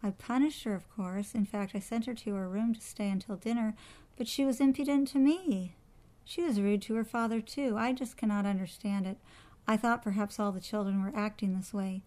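A proper, worried mother, read by a woman telling a storybook. She scolds and frets in a prim, measured tone. The voice stays close to an ordinary speaking voice. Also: medium pitch, steady tone, mellow, close to an everyday voice, poor audio.

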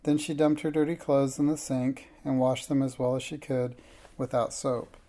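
A man narrating a children's storybook in a steady, plain reading voice. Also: medium pitch, moderate pace.

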